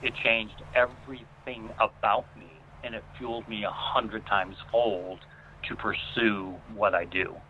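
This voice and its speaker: A man telling a personal story as a guest, earnest and emotional, with many pauses. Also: fairly low pitch, steady tone, slight background noise. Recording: phone-like line.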